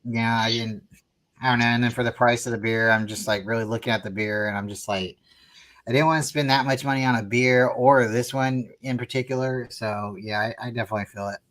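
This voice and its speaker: A man's voice: medium pitch, fairly quick. A man hosting a casual live stream, chatting easily and then running through the upcoming schedule. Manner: relaxed, wraps up with schedule announcements.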